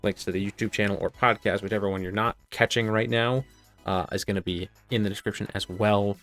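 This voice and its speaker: A man's voice: lowish voice, brisk, faint music behind. A man hosting and running a tabletop game, talking casually with lots of fillers. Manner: casual, filler-heavy, relaxed. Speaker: game master and host.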